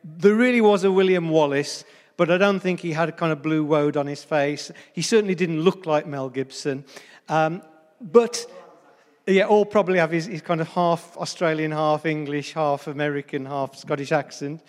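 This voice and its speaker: Man, pastor, sermon, humorous, talks to the congregation, high voice, reverberant church hall. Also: steady tone, normal speed. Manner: chatty, humorous, addresses the congregation.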